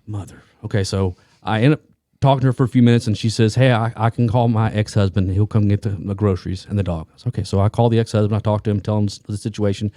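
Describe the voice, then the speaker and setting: A man's voice: lowish voice, steady tone, fast, warm tone, dry recording, studio quality. A man co-hosting a podcast, telling a rambling anecdote full of restarts and asides in casual chat. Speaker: police detective and co-host.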